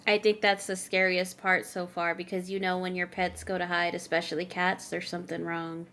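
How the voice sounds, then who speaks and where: A woman's voice: fairly low pitch, little pitch movement, moderate pace, a bit bright. A woman co-hosting a podcast, retelling spooky stories in casual chat. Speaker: podcast co-host.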